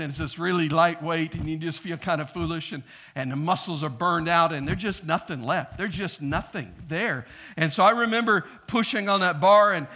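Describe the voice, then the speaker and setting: High, bright-voiced man preaching a sermon. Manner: storytelling, animated, acts out quoted shouts. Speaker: pastor.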